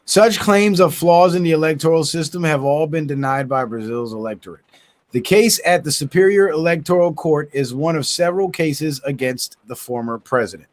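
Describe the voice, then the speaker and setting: A man's voice: fairly high pitch, moderate pace. A man with a slightly raised voice reads a news story aloud for his own channel. He stumbles and restarts words as he goes. He breaks in often with short, indignant comments of his own. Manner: stumbles and restarts words while reading, adds indignant asides. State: yawning, tired. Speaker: channel host.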